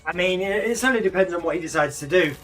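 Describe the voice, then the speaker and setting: A man co-commentating a game tournament live, laid-back with occasional bursts of excitement. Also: high voice, racing, faint music behind.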